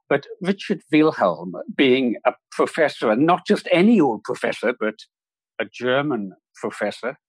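Man, podcast guest; measured, reflective storyteller, husky, dry sound. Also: medium pitch, dry recording, poor audio. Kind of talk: storytelling in a conversation.

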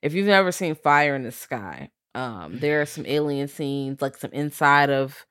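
A woman's voice: rumbling low, lively intonation, moderate pace, fairly bright tone, smooth, dry recording, clean studio sound. A woman co-hosting a podcast, chatting casually about a film in a blunt, profane way, full of "like" fillers. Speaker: podcast co-host. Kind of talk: casual chat reviewing a film.

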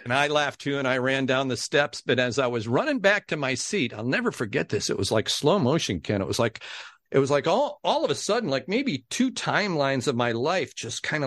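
A middle-aged man, a podcast guest, telling a story in a lively way and acting out the people in it. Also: mid-range voice, a little fast, no echo, clean studio sound. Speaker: podcast guest, game show announcer. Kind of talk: animated storytelling.

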